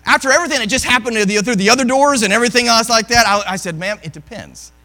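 A male preacher delivering a sermon, telling a story animatedly and swinging from loud to hushed. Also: very high voice, very fast, long reverb tail.

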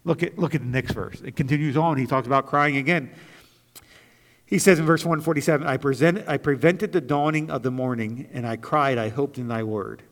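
A man's voice: medium pitch, a little fast. Male pastor, 40s, earnest sermon delivery with emphatic peaks, long church-hall reverb. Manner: earnest preaching, rising to emphatic peaks then dropping to quiet storytelling.

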